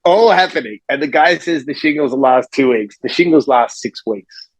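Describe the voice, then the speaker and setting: A man who is a life coach and author, telling a story in a podcast conversation with lively energy and acting out the people in it. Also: medium pitch, normal speed, slightly rough, no echo, rough recording. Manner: energetic, acts out the people in his stories.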